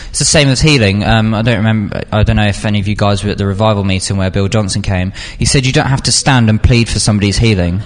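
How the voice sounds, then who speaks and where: A man's voice: fairly low pitch, fast, hardly any pauses. A young man giving an informal sermon to a youth group, chatty and full of fillers, jumping into acted-out scenes. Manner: chatty, filler-heavy, animated when acting out scenes. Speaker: youth speaker.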